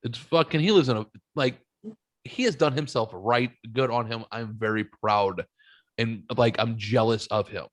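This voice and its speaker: A man hosting a podcast, telling stories in a casual, swearing way and jumping high when he quotes others. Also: normal speed, no room sound. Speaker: podcast host. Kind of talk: casual chat, storytelling.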